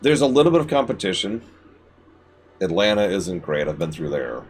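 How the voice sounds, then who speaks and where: A man giving live gameplay commentary as a streamer, talking to the game and swinging between shouted outbursts and low mutters. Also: big pitch swings, moderate pace, a little hiss or hum.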